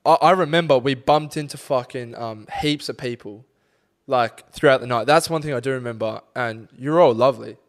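A man's voice: medium pitch, normal speed. A man co-hosting a podcast, telling a night-out story in casual chat, swearing freely and acting out quotes. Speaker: podcast co-host.

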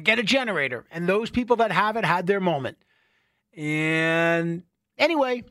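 A middle-aged man hosting a radio show, telling stories in a casual, animated way with many restarts. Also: sits high, no room sound, clean studio sound. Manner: conversational, animated storytelling with restarts. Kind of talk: casual talk radio monologue.

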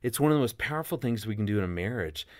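A man's voice: on the low side, expressive, rapid-fire, dry recording, studio quality. A middle-aged man, a guest author, speaking in an emphatic, preacherly way and quoting scripture. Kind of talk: earnest faith-based interview talk.

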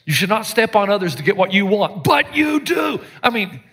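A man preaching a sermon as pastor, animated and joking, with sudden shouted lines. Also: high voice, fast. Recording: live sermon with long hall reverb.

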